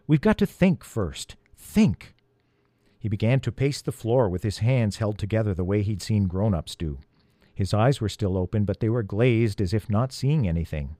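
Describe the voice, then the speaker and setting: A man reading a chapter of a children's storybook aloud, expressive and gently paced. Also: on the low side, normal speed, no room sound. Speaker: audiobook reader.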